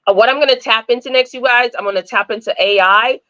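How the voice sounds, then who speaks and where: Joining a casual interview by video call, a woman from Jamaica speaks with an American-sounding accent and laughs frequently. Her fairly high voice is fast and sharp-toned, recorded lo-fi with no room sound.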